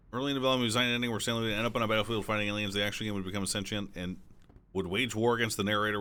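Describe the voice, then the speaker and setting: Bright-voiced joking male streamer. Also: lowish voice, slight background noise. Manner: crude, joking, reads text aloud quickly. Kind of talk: casual gameplay commentary.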